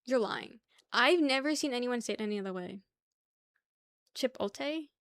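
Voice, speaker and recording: A young woman chats casually on her livestream, sliding from one topic to the next, laughing and cursing freely. Her voice sits a little high. The sound is dry and close, with no room around it. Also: animated, fast, fairly bright tone, smooth, no echo. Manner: chatty, swears casually, laughs often. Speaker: livestream host. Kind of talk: casual chat with chat.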